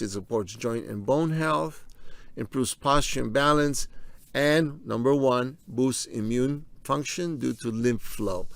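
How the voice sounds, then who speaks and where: A man's voice: medium pitch, creaky, dry recording. A man giving a casual explainer talk, speaking conversationally, repeating his key points and talking viewers through slides. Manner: walks through on-screen slides. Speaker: presenter of a health video.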